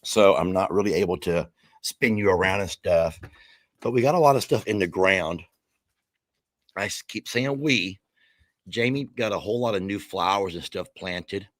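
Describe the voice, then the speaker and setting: A man hosting a casual chat from his home and yard, relaxed and rambling, often restarting his sentences, recorded on a laptop mic. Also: low voice, normal speed, no room sound. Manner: relaxed, rambling, self-correcting. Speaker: host. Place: home and backyard.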